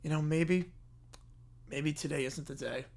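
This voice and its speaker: A man's voice: fairly high pitch, fairly even intonation, measured pace, creaky, a little mellow, voice pushed down. A man voicing an irritated, exasperated grown man who mutters in frustration.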